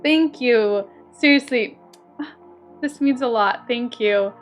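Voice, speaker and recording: A young woman streaming a game at home, chatting casually and excitably with her viewers, breaking into squeals of joy. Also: on the high side, slow, soft background music. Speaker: gaming streamer. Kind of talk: casual live-stream chat. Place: home, moving to kitchen.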